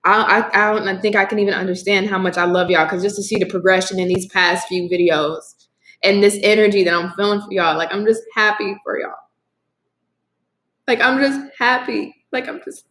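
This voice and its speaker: A woman's voice: mid-range voice, fairly even intonation, brisk, fairly bright tone, a little hiss or hum. A woman giving a casual tarot reading to camera, effusive and swearing freely as she talks straight to her viewers. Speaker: tarot reader. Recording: echoey room.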